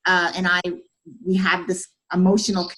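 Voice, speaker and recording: A woman's voice: on the low side, level tone, normal speed, fairly bright tone, slightly rough, low-quality recording. A woman coaching client giving a hesitant, heartfelt testimonial on a group video call.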